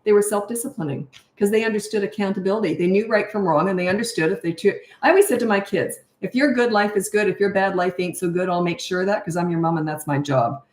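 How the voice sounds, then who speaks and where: An older woman who works as a parenting coach answers questions live, speaking fast with few pauses at a medium pitch in a roomy-sounding space. She chats and tells stories, acting out voices in her anecdotes.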